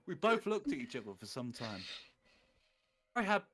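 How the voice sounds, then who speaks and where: A man reading a fan fiction aloud for laughs, acting out lines in a mock-dramatic way with loud exaggerated quotes and flat asides. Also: a little high, normal speed, music in the background.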